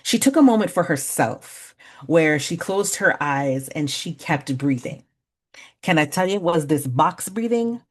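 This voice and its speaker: A woman in her forties leading a parenting workshop, talking conversationally, laughing at herself and slowly counting out breathing exercises. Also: sits low, lively intonation. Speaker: workshop facilitator. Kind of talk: guided breathing exercise and storytelling talk.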